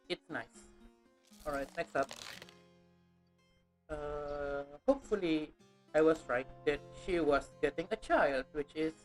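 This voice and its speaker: A woman streaming a game, chatting casually with playful, jokey asides. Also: lowish voice. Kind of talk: casual live-stream commentary.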